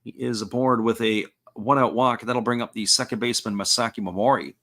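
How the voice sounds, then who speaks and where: A man calling a baseball game live, his voice sitting at an everyday middle pitch. He talks in an easygoing, folksy way, describing each pitch and chatting with viewers in between. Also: a little fast. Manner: steady, folksy play-by-play with asides to chat. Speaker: play-by-play commentator.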